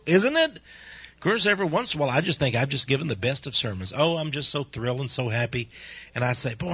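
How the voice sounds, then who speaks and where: An older man preaching a chatty radio sermon, laughing often and telling stories with animated ups and downs. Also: medium pitch, slightly rough, no room sound. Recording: dull, lo-fi dry radio recording.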